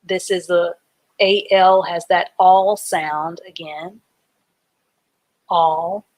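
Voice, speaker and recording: A woman's voice: on the low side, steady tone, drawn-out words, darkish tone, rough recording. A woman teaching a live online reading class, patiently sounding out words letter by letter and praising her students.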